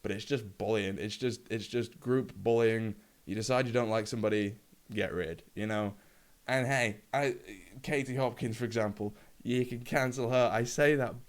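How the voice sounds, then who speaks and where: A man talks to a camera alone in his room, ranting with no script. His delivery rambles and stumbles over fillers, and he swears freely as he goes. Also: mid-range voice. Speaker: gaming YouTuber. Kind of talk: unscripted rant to camera.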